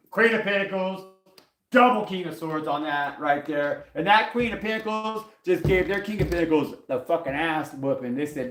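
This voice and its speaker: Swearing, excitable man reading tarot. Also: a little high, moderate pace. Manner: profane, rambling and excitable. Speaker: tarot reader on a live stream. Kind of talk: casual live tarot reading. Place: at a table. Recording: echoey room.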